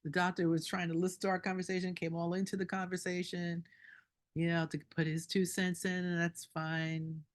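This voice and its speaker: A woman doula telling a story at a group meeting, animated and indignant, laughing between lines. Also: lowish voice, a little fast.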